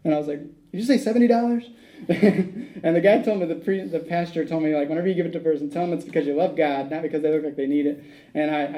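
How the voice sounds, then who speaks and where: A man's voice: fairly high pitch, warm tone, low-quality recording. A man speaking at a recovery meeting, telling a rambling personal story, acting out the dialogue and laughing at his own tale.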